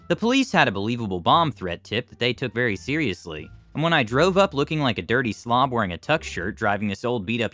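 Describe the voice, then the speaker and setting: A man reading online stories aloud and then commenting on them, in a lively storytelling manner. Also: medium pitch. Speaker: story channel narrator.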